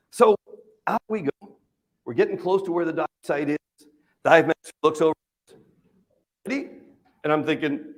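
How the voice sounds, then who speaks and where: A keynote speaker on a conference stage tells a funny personal story to a live audience, keeping things animated with jokes and frequent questions to the crowd. His voice sits a little high, and he moves at a moderate pace with many pauses.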